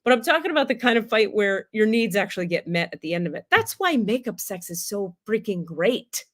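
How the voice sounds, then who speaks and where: A woman's voice: mid-range voice, big pitch swings, brisk, a bit bright. A woman hosting a spiritual livestream, talking candidly and casually, swearing freely and laughing often.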